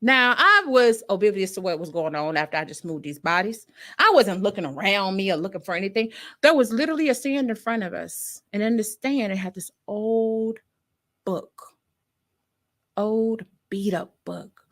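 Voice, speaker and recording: A young adult woman, a nurse and podcast host, telling an emotional personal story in a casual, animated way and talking straight to her listeners. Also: medium pitch, moderate pace.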